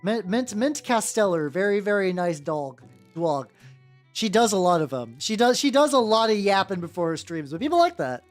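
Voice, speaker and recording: Her mid-range voice swings widely in pitch at a moderate pace as this woman streamer chats while painting miniatures. She rambles and mocks herself lightly, with faint background music.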